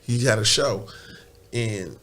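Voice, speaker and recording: A man's voice: fairly low pitch, slow pace, fairly bright tone. A man who is a guest on a podcast, telling a story in casual, profane slang, stumbling over repeated words and laughing often.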